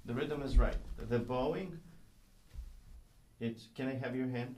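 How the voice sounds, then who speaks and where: A man's voice: mid-range voice, unhurried, a little mellow, slight background noise. A man who is not a native English speaker, giving a patient, encouraging one-on-one violin lesson and singing rhythms aloud. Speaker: violin teacher.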